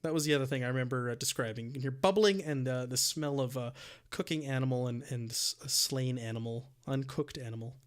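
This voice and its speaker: A man's voice: medium pitch, quick pace. A man narrating as dungeon master of a tabletop game, often stumbling and repeating words as he describes scenes.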